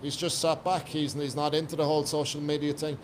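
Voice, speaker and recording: A man's voice: a little high, flat delivery, fast talker, background noise. An Irish man from Ireland, a guest coach on a podcast, talking in a blunt, emphatic way and swearing freely. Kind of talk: casual podcast chat.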